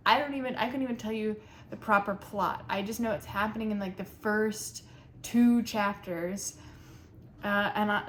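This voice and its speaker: A young woman reviewing a book in a casual, chatty way, nitpicky and animated. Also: medium pitch, slight background noise. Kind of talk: casual chat.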